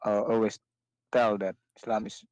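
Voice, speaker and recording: A male caller who speaks haltingly, full of hesitations, as he defends his faith in a debate. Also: on the low side, little pitch movement, darkish tone, no room sound, rough recording. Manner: halting, full of fillers and restarts.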